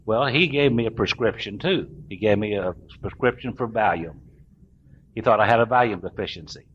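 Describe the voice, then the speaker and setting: A man's voice: on the low side, moderate pace. A middle-aged man, telling his recovery story to a meeting in a folksy, self-mocking way. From US South. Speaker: recovering alcoholic speaker. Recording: dull lo-fi recording, faint room hiss.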